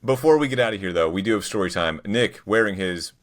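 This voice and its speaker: A man co-hosting a sports podcast, steering the casual chat along briskly. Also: fairly low pitch, expressive. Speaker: podcast co-host.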